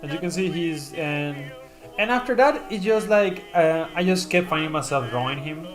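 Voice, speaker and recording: A man's voice: on the high side, animated, normal speed, music in the background. A man chatting casually on a live stream, reading viewer comments aloud and rambling with many fillers and restarts. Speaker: streamer presenting his channel mascot.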